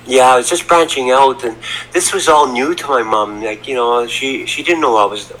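A man's voice: mid-range voice, moderate pace, a bit bright, a little hiss or hum, rough recording. A middle-aged man telling a story as a podcast guest, rambling and repeating words, from Canada. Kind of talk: casual storytelling. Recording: faint background ambience.

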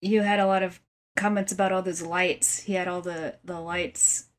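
On a podcast she co-hosts, a woman with a lowish, fairly flat voice talks casually about a film at a normal pace. She agrees often, giggles, and hesitates while hunting for the right words.

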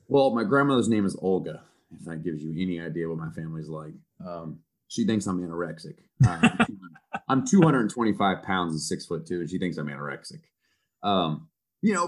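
A man in his thirties, a football coach on a podcast, telling stories in a profane, self-mocking, animated way. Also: deep voice. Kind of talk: casual storytelling chat.

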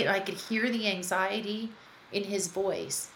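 A woman's voice: mid-range voice, measured pace, fairly bright tone. A woman speaking as a guest in an interview, telling personal stories in an earnest, reflective way. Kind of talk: conversational interview. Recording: roomy echo, faint background noise.

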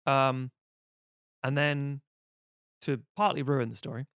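A man's voice: medium pitch, steady tone, takes it slowly, fairly bright tone, clean tone, no echo, clean studio sound. A man chatting casually as a podcast co-host, rambling, profane and jokey as he recaps a film.

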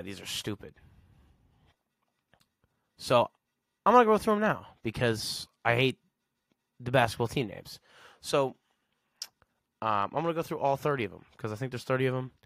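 A man's voice: mid-range voice, lively intonation, fairly quick, creaky, long pauses, fairly bright tone, no room sound, studio quality. A man hosting a podcast, rambling sarcastically in a casual solo rant and chuckling at his own jokes. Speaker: podcast host.

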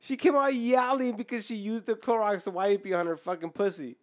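A man with a slightly high voice hosts a casual podcast. He tells crude stories full of profanity and breaks into laughter as he talks. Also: steady tone, a little fast. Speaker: podcast host. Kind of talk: casual storytelling chat.

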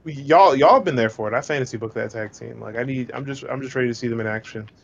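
A young man co-hosting a wrestling podcast, joking around in slangy, animated chat. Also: mid-range voice, fast, gravelly, highs cut off, slight background noise. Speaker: podcast co-host. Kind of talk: casual chat.

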